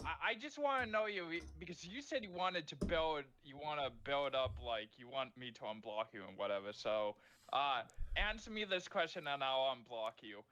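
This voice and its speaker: A man's voice: mid-range voice, expressive, moderate pace, pushed and bright, muffled recording, slight background noise. A man calling into a livestream, asking pointed, direct questions in casual talk. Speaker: caller on a stream. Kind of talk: casual call-in chat.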